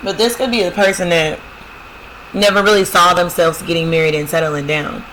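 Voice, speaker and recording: A woman's voice: on the low side, fairly even intonation, moderate pace, a bit bright, slight background noise, low-quality recording. A woman giving a casual prophetic love reading who talks straight to her viewers, keeps repeating "y'all," and reads song lyrics aloud before explaining them. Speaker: spiritual love-reading host.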